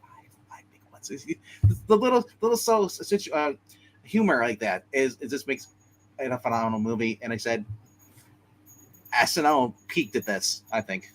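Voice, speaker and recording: A man co-hosting a casual movie chat, rambling excitedly with frequent restarts. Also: medium pitch, normal speed, long pauses, low-quality recording.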